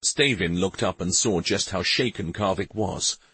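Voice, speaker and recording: Husky, low, slow male storyteller. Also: pushed and bright, no room sound. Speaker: narrator. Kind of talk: audiobook narration.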